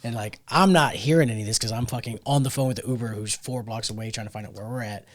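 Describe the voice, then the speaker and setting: A man's voice: mid-range voice, fast talker. A young man, a podcast co-host, telling a wild night-out story in casual chat, profane and acting out the voices. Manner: animated, profane, acts out voices in his story.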